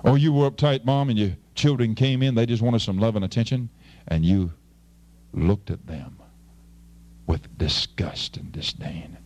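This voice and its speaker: A man preaching a fervent sermon as pastor, swinging between loud appeals and low, quiet asides. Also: unhurried.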